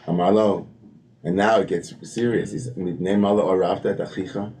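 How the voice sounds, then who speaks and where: Man, study leader at a service; warm, mellow voice; loose, chatty delivery with lots of asides; faint room ambience. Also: deep voice, fairly even intonation, brisk, a little hiss or hum. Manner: chatty, full of "you know" and "right?", reads Hebrew passages aloud then paraphrases. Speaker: teacher leading text study at a service. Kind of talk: conversational text-study teaching.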